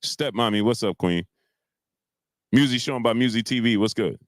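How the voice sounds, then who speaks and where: A man hosting a boxing live stream, ranting heatedly with many filler sounds and shouting out chat viewers. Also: mid-range voice, moderate pace, no echo. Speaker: boxing commentary host.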